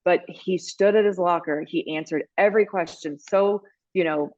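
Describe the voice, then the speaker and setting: A middle-aged woman talks in a casual podcast chat, rambling and emotional, with restarts. Her voice sits a little low for a woman. The sound is dry and a bit dull. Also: moderate pace, a little mellow, no echo. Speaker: podcast co-host and baseball team reporter.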